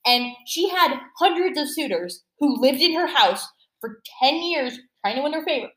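A young woman hosts a casual podcast chat among friends, her voice sitting a little high. She giggles often and talks over the others. The room around her sounds echoey. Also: lively intonation, moderate pace, a bit bright. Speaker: podcast host.

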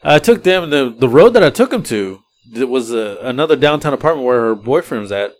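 A man, hosting a podcast and telling rambling, animated stories about his rides as an Uber driver, laughing often as he goes. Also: mid-range voice, fairly quick. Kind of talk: casual podcast storytelling.

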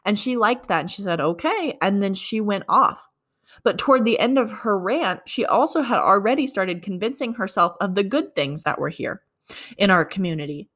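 A woman's voice: mid-range voice, expressive, normal speed, fairly bright tone. A woman working as a leasing agent tells a work story in a conversational way, acting out both sides of the dialogue. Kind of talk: storytelling sales advice.

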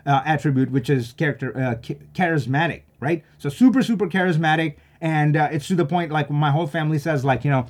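Young guy, upbeat vlogger energy, slightly high voice, chatty and pumped. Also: fast talker, few pauses. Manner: animated, enthusiastic, peppered with "like" and "right?". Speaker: creative freelancer giving career advice. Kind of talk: casual advice vlog.

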